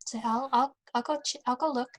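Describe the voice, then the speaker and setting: A woman playing a tabletop roleplaying game, speaking hesitantly with halting restarts. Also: sits high, steady tone. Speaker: player.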